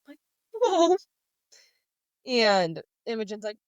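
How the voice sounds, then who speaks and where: A woman's voice: medium pitch, normal speed, no room sound. A woman co-hosting a casual book podcast, chatting and retelling scenes with quoted lines read aloud. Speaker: podcast co-host.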